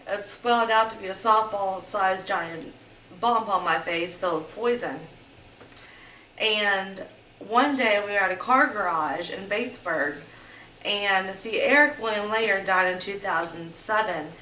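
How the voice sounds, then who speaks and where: Rambling woman telling stories, bright voice. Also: medium pitch. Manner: rambling, meandering storytelling with restarts. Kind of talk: personal storytelling vlog. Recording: roomy echo, mic at a distance, faint background noise.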